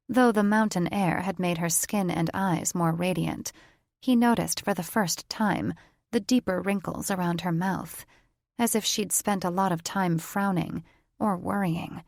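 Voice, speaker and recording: Slow, gravelly woman narrator. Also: on the low side, a little mellow, no echo, clean studio sound. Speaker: audiobook narrator. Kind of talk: scripted narration.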